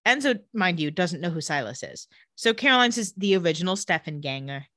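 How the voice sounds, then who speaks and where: Lively, bright-voiced woman recapping. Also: brisk, no echo, clean studio sound. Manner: animated, dips into low voices for characters. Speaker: podcast co-host recapping a TV episode. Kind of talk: casual chat with acted-out quotes.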